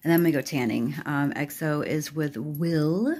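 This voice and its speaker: A hoarse, worked-up woman venting casually to her vlog audience with exasperated, laughing asides. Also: low-pitched, normal speed, darkish tone, no echo. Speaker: vlogger. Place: in a car, then at home.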